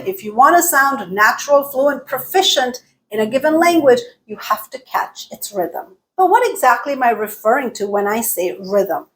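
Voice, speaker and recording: Woman, higher register, calm language teacher delivering a scripted lesson deliberately, leaning on key words. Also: poor audio. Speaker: English teacher and channel host.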